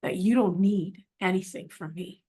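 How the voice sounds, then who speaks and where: A woman voicing a kind older woman singer who speaks in a gentle, soothing, motherly way. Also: mid-range voice, moderate pace, husky, natural voice. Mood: reassuring.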